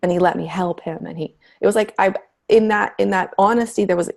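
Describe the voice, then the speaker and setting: A woman's voice: mid-range voice, brisk, creaky, darkish tone. A middle-aged woman speaking candidly as an interview guest, telling stories with emphatic, frank language. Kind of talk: conversational interview.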